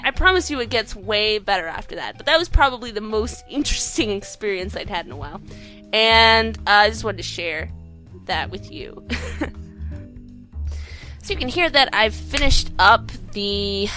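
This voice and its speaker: A woman vlogger telling a story in a casual, animated way, swearing now and then. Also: medium pitch. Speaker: game dev vlogger.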